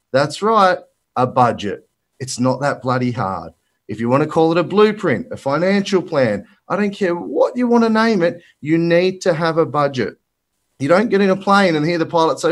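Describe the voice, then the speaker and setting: A man's voice: on the high side, animated, moderate pace. An Australian man presenting as a finance broker at a virtual summit, talking bluntly and emphatically with colloquial asides, slightly out of breath. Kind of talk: energetic presentation talk. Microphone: presenter mic for a live virtual summit.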